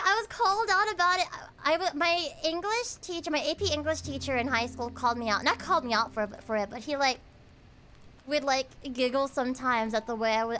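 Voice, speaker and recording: A young woman from the United States streams a cozy late-night chat in a high voice, reading comments aloud. She's playful and sometimes squeals, then turns soft and reflective.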